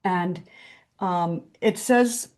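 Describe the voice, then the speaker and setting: Calm woman leading a study group. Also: lowish voice, drawn-out words. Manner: calm, explanatory, reads passages aloud. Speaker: group leader.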